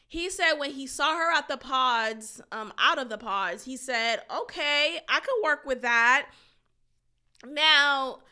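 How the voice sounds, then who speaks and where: With a high, bright and forceful voice, this female podcast host talks casually about a reality show. She's blunt and opinionated, cursing and laughing frequently.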